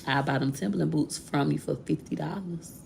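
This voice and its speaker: A woman voicing her young male cousin who mocks her loudly, in a jeering, drawn-out teasing way. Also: sits low, gravelly, slight background noise. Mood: mocking.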